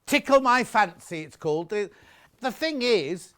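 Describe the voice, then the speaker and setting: A man's voice: high-pitched, animated, unhurried, pushed and bright. A man presenting fabrics on a live shopping channel, chatty and jokey as he teases the crew.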